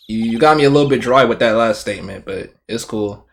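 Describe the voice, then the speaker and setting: A man's voice: medium pitch, brisk, a little hiss or hum. A man streaming a game, commenting casually with lots of swearing and jokes. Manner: swearing, excitable, jokey.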